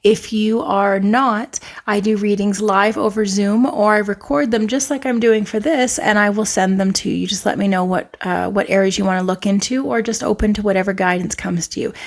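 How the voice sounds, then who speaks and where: A woman from Canada giving an excitable, emotional tarot pick-a-card reading. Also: mid-range voice, normal speed, hardly any pauses. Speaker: tarot reader.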